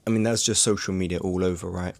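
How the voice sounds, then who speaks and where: Earnest young man, low voice. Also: fairly even intonation, fast, vocal fry, a little mellow. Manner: earnest and reflective, frequent "like" fillers and restarts. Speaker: YouTuber. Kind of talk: casual reflective vlog monologue.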